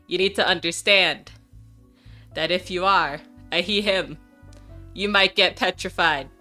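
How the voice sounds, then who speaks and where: A woman's voice: fairly low pitch, unhurried, pushed and bright, faint music behind. A young adult woman streaming live, chatting casually and playfully, laughing often and swearing now and then. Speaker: VTuber streamer.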